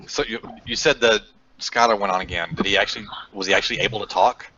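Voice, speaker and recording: A man in a casual late-night voice chat, curious and relaxed. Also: on the low side, fast talker, muffled recording, slight background noise.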